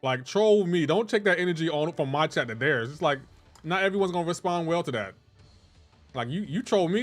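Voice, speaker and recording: A man's voice: on the high side, lively intonation, a little fast, soft background music. Playful teasing male gamer streamer. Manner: playful, teasing, mock-offended banter. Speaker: livestream gamer. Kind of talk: casual chat with live chat viewers.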